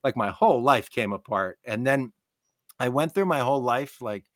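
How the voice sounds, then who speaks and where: Excitable man telling a wild story. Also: medium pitch, normal speed, no room sound, studio quality. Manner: excitable, repeats "like" often. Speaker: podcast guest, shaman. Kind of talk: animated personal storytelling.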